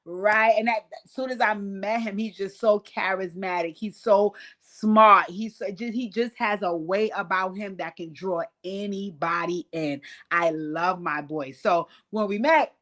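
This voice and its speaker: A woman's voice: mid-range voice, fairly even intonation, measured pace, hardly any pauses, a bit bright. A middle-aged woman, hosting and telling stories to her audience in a loose, profane way, laughing often as she goes. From New York. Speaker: host. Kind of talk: casual storytelling to a live audience.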